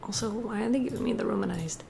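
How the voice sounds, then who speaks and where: A woman's voice: a little high, fast, gravelly, background noise. A young woman whispering through an ASMR livestream, giggly and self-mocking as she talks straight to her chat. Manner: addresses chat directly. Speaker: ASMR streamer. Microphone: earbuds with a streaming mic.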